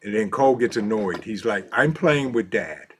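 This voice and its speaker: A man's voice: lowish voice, lively intonation, normal speed, a little hiss or hum. A man hosts a casual live stream, reading out viewer comments, laughing easily and coaxing his dog. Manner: easygoing, laughs often, talks softly to his dog.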